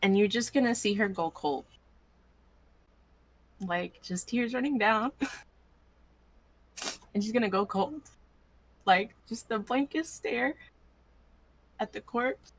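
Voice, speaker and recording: A woman's voice: on the high side, takes it slowly, long pauses, rough recording. Woman player narrating her character. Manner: casual, describing her character step by step. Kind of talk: tabletop role-play narration.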